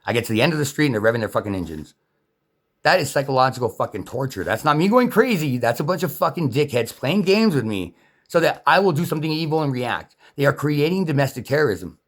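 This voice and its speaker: Brief: agitated man venting to camera at a rapid clip, profane, voice rises and falls with his anger. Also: mid-range voice. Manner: agitated, swearing constantly, voice rising when heated. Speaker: vlogger. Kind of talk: angry profane rant to camera.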